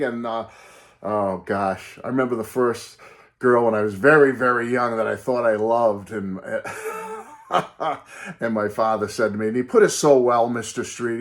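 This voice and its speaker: A man hosting his own channel, talking in a rambling, self-mocking way and chuckling often as he chats. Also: mid-range voice. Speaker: channel host. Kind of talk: casual vlog chat.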